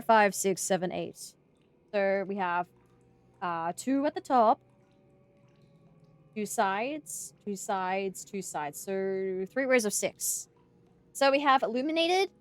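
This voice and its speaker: A young Australian woman streaming a horror game and chatting casually with her viewers. She is excitable, thinks out loud, and breaks into loud yelling and laughter. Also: on the high side. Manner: chatty, talks to chat and thinks aloud. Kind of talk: casual live-stream commentary.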